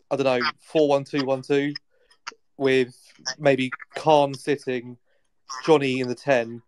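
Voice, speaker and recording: A man co-hosting a football podcast, talking tactics in a thoughtful, hesitant way with pauses and fillers. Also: mid-range voice, a little mellow, slight background noise, poor audio. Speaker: podcast co-host. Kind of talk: casual football chat.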